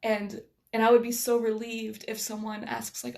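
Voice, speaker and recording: A fairly high-voiced American woman in casual conversation, her accent touched by a faint Scottish lilt. She talks in a chatty, self-deprecating way, with plenty of fillers and restarts, and her voice has a noticeable gravelly fry. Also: monotone, normal speed, darkish tone. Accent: American with slight Scottish influence. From United States. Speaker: guest.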